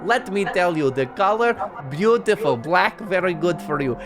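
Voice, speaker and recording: A man's voice: sits high, normal speed, pitched above the performer's own voice. Man putting on a gushing, flamboyant toymaker. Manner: gushing, overly flattering, singsong. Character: flamboyant male toymaker in jester outfit. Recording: music playing behind.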